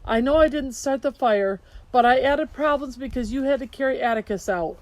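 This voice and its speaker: A woman's voice: high voice, moderate pace, a little mellow, natural voice, poor audio. A woman reading as an earnest, eager young girl with a hurt knee, pleading and apologetic. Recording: hiss behind voice.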